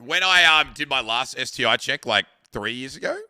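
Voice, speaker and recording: Bright, crisp Australian man in his thirties. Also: mid-range voice, animated, moderate pace, no echo, studio quality. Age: 30s. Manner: crude, rambling storyteller, swears freely. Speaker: live streamer. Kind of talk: casual chat with stream viewers.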